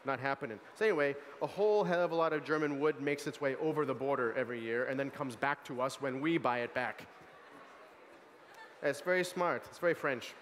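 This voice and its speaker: An American man, a young adult sommelier, giving an animated, chatty wine tasting talk full of asides and fillers at a food market event. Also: mid-range voice, a little fast, long reverb tail, a little hiss or hum. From United States. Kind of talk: lively tasting presentation.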